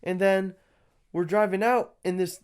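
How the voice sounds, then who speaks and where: A young man co-hosting a podcast, telling animated, profanity-laced stories in casual chat and acting out what people said. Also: high voice, unhurried, clean tone. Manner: animated, swears a lot, acts out quotes. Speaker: podcast co-host.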